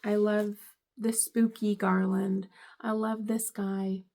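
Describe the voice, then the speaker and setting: A woman's voice: mid-range voice, flat delivery, takes it slowly, dark tone. A middle-aged woman vlogger unboxing gifts, gushing and teary with emotion. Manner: gushing, emotional, tearful at times. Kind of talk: casual unboxing vlog.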